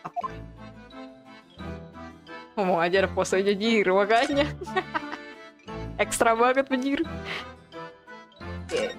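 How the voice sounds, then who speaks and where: A woman's voice: mid-range voice, lively intonation, takes it slowly, long pauses, music in the background. A woman from Indonesia, a streamer chatting casually and playfully with viewers during a game.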